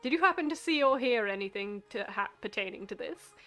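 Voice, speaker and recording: A woman's voice: on the high side, animated, fairly quick, pushed and bright, faint music behind. A woman voicing a courteous, formal male professor detective in a video game. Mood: polite.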